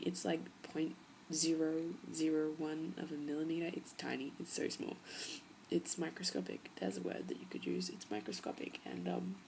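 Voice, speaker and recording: A woman's voice: on the low side, gravelly, darkish tone, slight background noise, poor audio. A young woman vlogging, telling a rambling story in a chatty way and dropping into whispers for emphasis. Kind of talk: casual storytelling vlog.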